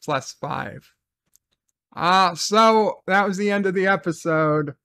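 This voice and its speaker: A man's voice: high voice, takes it slowly, creaky, pushed and bright, clear, resonant tone, no room sound, studio quality. A man giving a casual, rambling spoken recap and review of a TV episode, repeating phrases and swearing now and then.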